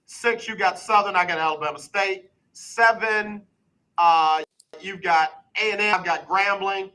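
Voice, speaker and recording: Bright high-voiced radio host. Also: male voice, low-quality recording. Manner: brisk, quizzing back and forth, rhythmic repetition. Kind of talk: casual sports talk radio.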